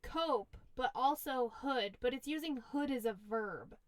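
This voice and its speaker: A young woman with a high, bright-pitched voice co-hosts a podcast. She throws in sarcastic, sweary jokes and quick interjections. The sound is dry and up close. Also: no room sound. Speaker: podcast co-host. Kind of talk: casual chat.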